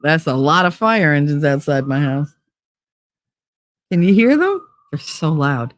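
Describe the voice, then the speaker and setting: A woman's voice: sits low, big pitch swings, a little slow, dry recording, studio quality. Chatty, foul-mouthed woman streamer. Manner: chatty, swears freely, greets viewers by name. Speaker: livestream host. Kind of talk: casual livestream chat.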